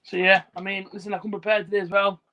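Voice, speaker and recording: Guy doing a footy watch-along stream, higher voice, bright, chatty, lots of ums and you knows. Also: level tone, quick pace, dull audio, slight background noise. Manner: chatty, reads out viewer comments, lots of fillers. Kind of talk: casual live stream chat. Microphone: phone.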